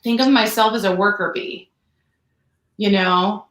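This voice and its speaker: A woman's voice: mid-range voice, steady tone, a little slow, a bit bright. Chatty woman guest, echoey room. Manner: chatty, self-deprecating, many fillers. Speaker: guest singer. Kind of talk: casual interview chat.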